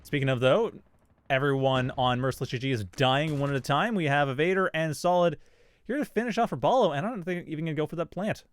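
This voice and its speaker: A man calling a mobile shooter esports match live, with quick play-by-play and casual banter. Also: on the high side, clean tone. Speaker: esports caster.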